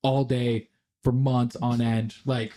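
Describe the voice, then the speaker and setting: A man's voice: mid-range voice, flat delivery, slow pace, mellow. A young man, co-hosting a podcast and telling a long workplace story in casual chat. He rambles, laughs often and swears freely. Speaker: podcast co-host.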